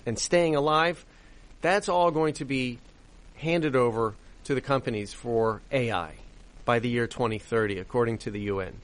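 Man, commentary host, indignant, emphatic, rhetorical questions, mid-pitched voice. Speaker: podcast host. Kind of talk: commentary monologue.

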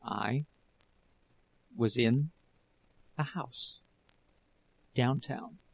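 A man voicing a desperate young woman who pleads tearfully with her husband, in a slow, gravelly reading. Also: medium pitch, a little mellow, poor audio. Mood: broken, whispering.

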